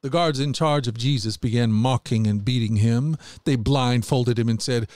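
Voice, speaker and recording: Male podcast host reading scripture; earnest, even, dry studio voice. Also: mid-range voice, normal speed, hardly any pauses, no echo. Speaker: host and Bible reader.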